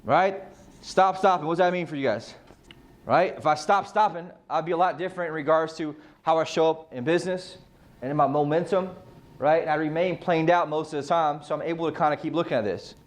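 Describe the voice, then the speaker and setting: A man with a slightly high voice gives a motivational talk to a real estate team. He keeps it casual and loose, tossing out rhetorical questions and the odd curse word to drive his points home. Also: a little fast. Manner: casual, fires rhetorical questions, swears freely.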